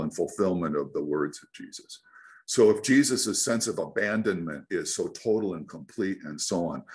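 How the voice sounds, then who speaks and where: A priest giving a sermon in a reflective way, with frequent "um"s and restarts. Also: male voice, low voice. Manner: reflective, many fillers and restarts.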